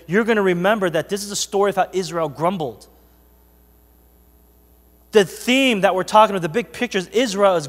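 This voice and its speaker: Male pastor, earnest conversational sermon, slightly high voice, long church reverb. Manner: earnest, conversational preaching with scripture reading. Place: church sanctuary.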